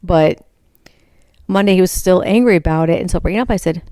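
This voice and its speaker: A middle-aged woman telling a rambling, exasperated story about a man she is dating, often acting out her own texts and words in a higher voice. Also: quick pace, long pauses, mellow, no echo, clean studio sound. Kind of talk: casual storytelling rant.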